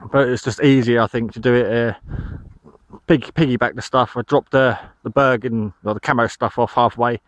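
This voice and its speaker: A man's voice: mid-range voice, no room sound, dull audio. Slightly breathless British man vlogging outdoors. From United Kingdom. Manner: rambling, with many ums. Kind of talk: casual outdoor vlog. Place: outdoors in a field.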